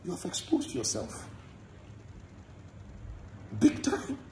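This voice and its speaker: A man's voice: slow pace, echoey room, a little hiss or hum. A Ghanaian man delivering a heated, repetitive gossip monologue, speaking straight to a rival. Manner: animated, repetitive, code-switching rant.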